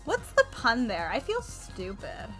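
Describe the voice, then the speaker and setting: A woman's voice: on the high side, wildly swooping pitch, a little slow, a bit bright, soft background music. A woman guest chatting casually and laughing a lot while playing a game with a friend. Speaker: guest co-player. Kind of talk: casual let's play chat.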